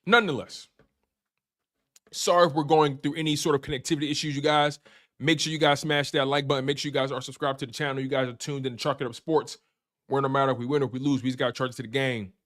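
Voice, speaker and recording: A man hosts a fan sports talk stream with a medium-pitched voice. He talks in hyped, repetitive bursts and trash-talks the other team. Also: little pitch movement, fast, fairly bright tone. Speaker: sports show host. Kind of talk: animated sports talk livestream.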